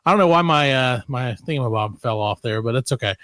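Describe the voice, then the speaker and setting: A man's voice: medium pitch, expressive, fast, fairly bright tone, dry recording. A man hosting a casual comedy podcast, rambling and swearing as he reads out odd news with asides. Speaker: podcast host.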